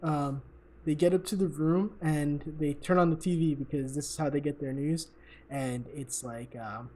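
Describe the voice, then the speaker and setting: A man's voice: a little high, fairly even intonation, moderate pace, mellow. A young man co-hosting a podcast, retelling a story in a rambling, profane and giggly way. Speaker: podcast co-host. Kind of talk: casual chat.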